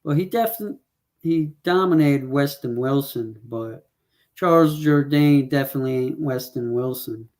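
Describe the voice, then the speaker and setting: A man's voice: medium pitch, normal speed, darkish tone. A man co-hosting a casual fight predictions show, rambling through stats and checking numbers aloud with plenty of fillers. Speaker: podcast co-host.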